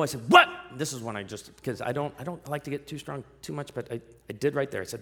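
A male pastor delivering a sermon with a gravelly, mid-pitched voice. He tells stories at a conversational pace, then climbs to loud, emphatic peaks to drive his points home. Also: animated, quick pace, few pauses. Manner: storytelling preacher, rising to loud emphatic peaks.

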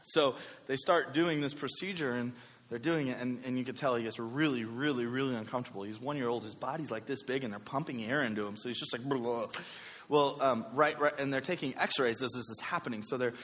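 A man, preaching a sermon with a personal story, talking conversationally with animated asides. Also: mid-range voice, brisk. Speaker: pastor. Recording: long hall reverb.

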